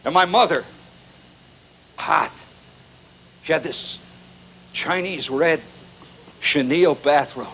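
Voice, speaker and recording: A man's voice: a little high, slow pace, pauses often, a bit bright, slight background noise. A man from Indiana telling a wry, digressive humorous monologue to a live audience, captured in a muffled 1970s live recording. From Indiana, USA. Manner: wry, digressive, mock-indignant. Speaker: storyteller performing for a live audience.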